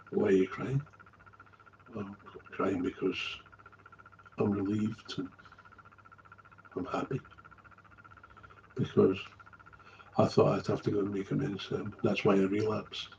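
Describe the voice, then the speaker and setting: A man's voice: lowish voice, fairly even intonation, takes it slowly, gravelly, long pauses, darkish tone, dull audio, a little hiss or hum. A middle-aged man, telling a candid story as a recovery sponsor, blunt and swearing freely, often trailing off and repeating himself.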